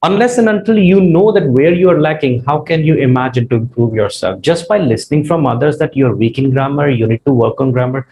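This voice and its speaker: An earnest man with a partly Australian accent gives a spoken English lesson as a tutor. His pitch sits in a middle register, and his delivery is conversational and full of filler. A faint hum of noise sits underneath. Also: a little fast, few pauses, dark tone, poor audio. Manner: earnest, conversational, frequent "you know" fillers.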